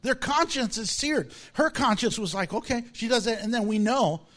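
A man preaching a sermon, animated and humorous, acting out little scenes in different voices and laughing often. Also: normal speed. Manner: animated, acts out voices with big pitch swings. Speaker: pastor.

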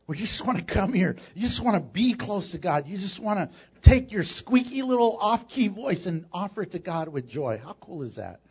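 A male pastor preaching a sermon in a church, animated and joking with laughing asides. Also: high voice, moderate pace, husky, lo-fi sound.

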